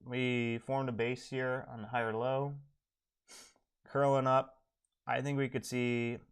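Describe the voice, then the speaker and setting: A man at a mid-level pitch talks through a live trading stream in a loose, casual way. He thinks out loud as he goes, and his voice sinks into quiet mumbles when he trails off. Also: clear, resonant tone.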